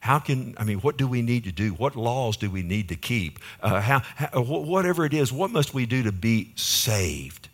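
A man's voice: medium pitch, expressive, normal speed, hardly any pauses. A man pastor preaching a verse-by-verse sermon, emphatic and often asking the congregation questions.

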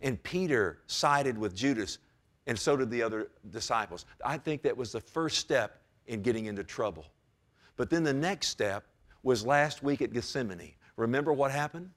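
A man's voice: medium pitch, expressive, normal speed. A man preaching a sermon as pastor, with emphatic rises and direct calls to his congregation.

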